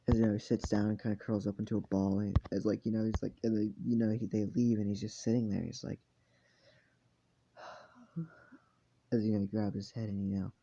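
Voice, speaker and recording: A man's voice: on the low side, little pitch movement, fast talker, hardly any pauses, mellow, muffled recording, a little hiss or hum. A tired man narrating a fan story in a casual, rambling way, full of fillers and swearing.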